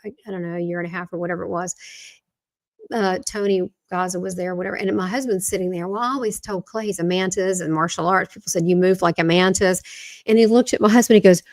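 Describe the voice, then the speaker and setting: A woman with a Southern US accent, a guest on an interview podcast, telling stories in a rambling, excitable way. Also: mid-range voice, fast, no room sound. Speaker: guest, spiritual medium. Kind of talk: casual interview talk.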